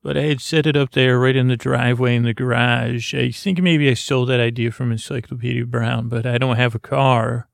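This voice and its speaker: A man spins a loose, improvised story, drifting along with plenty of pauses and restarts. His voice is gravelly and stays almost level in pitch. The sound is dry and close to the microphone. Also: fairly even intonation, no echo. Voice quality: meandering, halting with many fillers and restarts. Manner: soft, drowsy and gentle. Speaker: storyteller narrating as a character. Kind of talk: improvised rambling bedtime-style storytelling.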